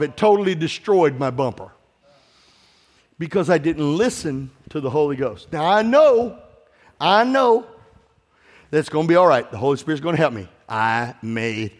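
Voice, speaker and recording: Expressive and at a moderate pace, a male pastor preaches in a high, bright register, exhorting the congregation and calling for them to answer. Scripture and personal stories alternate in his sermon, and the spacious sanctuary adds a long reverb.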